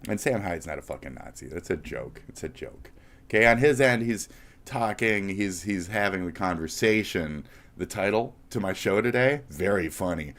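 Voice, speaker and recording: A man's voice: sits low, lively intonation, normal speed, fairly bright tone. A man streaming live commentary as a heated, profane, mocking rant. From United States.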